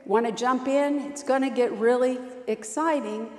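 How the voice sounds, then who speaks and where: A woman's voice: fairly high pitch, fairly even intonation, moderate pace, roomy sound, in a large hall, natural voice. A woman acting out a friendly man who calls out an offer from his rowboat in a sermon joke. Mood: cheerful. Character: friendly man rowing a boat by.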